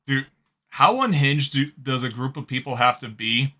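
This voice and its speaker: Guy reacting to clips, casual and swearing a lot, bright mid voice, laughs a bunch. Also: mid-range voice, normal speed. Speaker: host. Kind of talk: reaction commentary.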